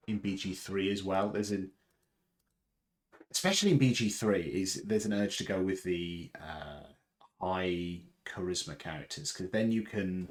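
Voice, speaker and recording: A man chats casually on his livestream, rambling with plenty of fillers. His voice sits fairly low. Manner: rambling, chatty with fillers and laughs. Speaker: livestream host.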